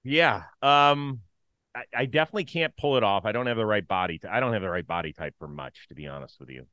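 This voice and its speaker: Lively, animated male sports host. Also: fairly low pitch, quick pace, dry recording. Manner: animated, swings from loud jokes to mumbled asides. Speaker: baseball show co-host. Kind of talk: casual sports talk.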